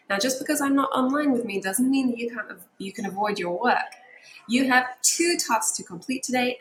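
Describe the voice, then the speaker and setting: A woman teaching a recorded French lesson, drilling vocabulary slowly and clearly, with repetitions. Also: fairly high pitch, fairly bright tone, a little hiss or hum. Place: Malaysia. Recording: echoey room.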